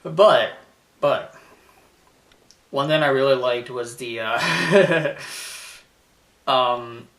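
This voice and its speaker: A man chats loosely on his vlog and laughs often, circling back through his sentences. His voice is bright and a little off-mic, and a roomy echo surrounds it. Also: medium pitch, drawn-out words, long pauses, far from the mic. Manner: rambling, laughs often, many fillers and restarts. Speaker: vlogger recapping a wrestling show. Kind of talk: casual chat.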